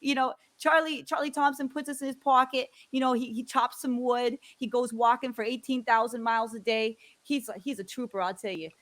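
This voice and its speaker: A woman's voice: on the high side, fairly even intonation, a little fast, few pauses, a bit bright, natural voice. A woman playing a brash woman army major with a put-on New York accent, rambling and chatty as co-host of a comedy show. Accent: put-on New York (Yonkers). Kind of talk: improvised comedy character.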